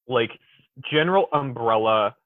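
Man, podcast guest, animated storyteller, phone-like thin sound. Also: medium pitch, unhurried, no room sound. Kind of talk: casual chat. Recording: tinny phone-like dry sound.

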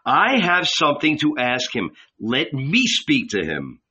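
A man's voice: mid-range voice, huge pitch swings, unhurried, sharp tone, muffled recording, a little hiss or hum, full character voice. A man voicing a frightened young male servant who speaks urgently and accusingly. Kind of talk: audiobook reading.

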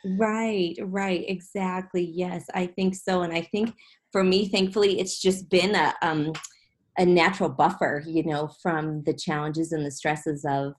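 A woman talking as a podcast guest in casual chat, reflective and quick to laugh. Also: lowish voice, fairly even intonation. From grew up on a ranch. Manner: warm, reflective, laughs often.

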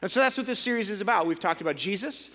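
A pastor preaching in a relaxed, conversational way, with plenty of fillers and restarts as he tells a story. His voice is fairly high for a man. A long reverb from a large church hall hangs behind every phrase. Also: very fast. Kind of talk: sermon with storytelling.

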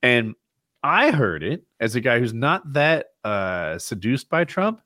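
A man's voice: medium pitch, sing-song, takes it slowly, sharp tone, no room sound, studio quality. A man in casual political chat, thinking aloud and hedging with lots of "like". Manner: musing, hedging with frequent "like".

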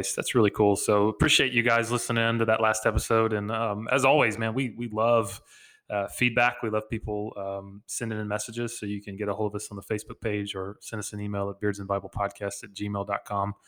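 A man co-hosts a podcast in easy, upbeat conversation, leaning on plenty of fillers. His voice sits a little low. He is heard over a video call on a podcast mic. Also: little pitch movement, fast talker, fairly bright tone. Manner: chatty, upbeat, many fillers. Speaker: podcast co-host. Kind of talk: casual podcast chat.

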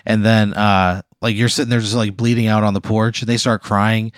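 A man's voice: on the low side, flat delivery, normal speed, no echo, clean studio sound. A man running a tabletop game as game master, narrating loosely with frequent laughs and fillers. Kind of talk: casual improvised game narration.

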